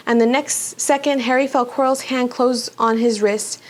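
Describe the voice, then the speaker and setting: A woman reads a children's fantasy novel aloud, expressive and dramatic in her storytelling. Her voice sits fairly high and lively. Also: moderate pace, hardly any pauses. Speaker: book club reader.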